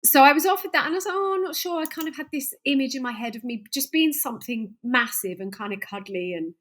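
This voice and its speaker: A woman with a slightly high voice, talking as a podcast guest. She is chatty and self-deprecating, and she laughs her way through her stories. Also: lively intonation, quick pace, fairly bright tone. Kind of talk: casual chat.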